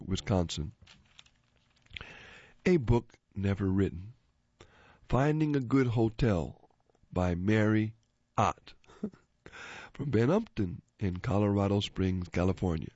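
A man hosting a joke segment, reading listener jokes aloud in an animated way and chuckling after the punchlines. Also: lowish voice, slow pace, pauses often, dry recording. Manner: animated, switches voices for joke characters. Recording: dull, dry lo-fi recording.

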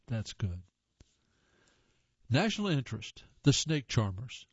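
A man's voice: medium pitch, expressive, unhurried, pauses often, a little mellow, dry recording. A man from the American South, reading magazine items aloud and adding casual asides and small self-corrections. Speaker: reader. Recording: dull, dry lo-fi recording.

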